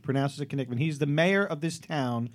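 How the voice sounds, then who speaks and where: A man's voice: on the high side, moderate pace. Jokey male radio host. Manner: jokey, rambling with restarts. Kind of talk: joking radio banter. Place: radio studio.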